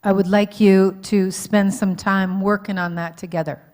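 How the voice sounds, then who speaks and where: A woman counselor speaks to a live church audience in an easy, conversational way. She keeps checking that people follow her and pokes fun at her own slips. Her voice sits at an ordinary middle pitch. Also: flat delivery, normal speed, a little mellow. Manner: informal, checks in with the audience often, laughs at herself. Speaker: marriage counselor and conference speaker. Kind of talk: conversational teaching talk. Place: church hall, live event.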